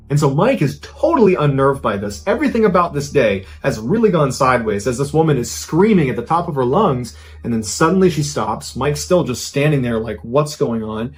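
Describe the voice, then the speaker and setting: A man tells a ghost story in a husky, mid-pitched voice. He keeps it conversational and builds suspense, sinking lower and quieter at the tense beats. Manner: conversational, suspenseful, dropping low at tense moments. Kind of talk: spooky storytelling narration.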